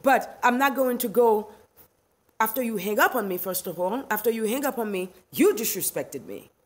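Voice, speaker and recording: Hosting a livestream, a middle-aged Haitian woman with a Haitian accent rants emphatically and indignantly, laughing often as she reads and answers viewers' comments. Her voice is fairly high with lively intonation at a normal pace.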